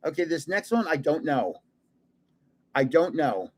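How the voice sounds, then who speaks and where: Chatty older man with a lively voice. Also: a little high, unhurried. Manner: chatty, chuckling, greets viewers. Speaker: card-collecting livestream host. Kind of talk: casual livestream chat while opening cards.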